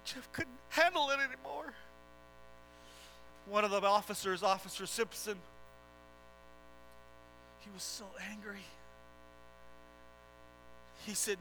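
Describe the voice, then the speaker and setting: A man's voice: high-pitched, takes it slowly, creaky, long pauses, bright, forceful tone, faint music behind, rough recording. A man preaching a dramatic sermon story, telling it with impassioned, swelling emphasis.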